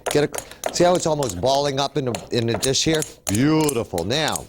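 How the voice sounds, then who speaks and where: A man with a middle-pitched voice hosts a television cooking demonstration. He is upbeat and chatty and talks through every step while he works. A faint noise sits under the voice. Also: very animated, moderate pace. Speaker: cooking show host.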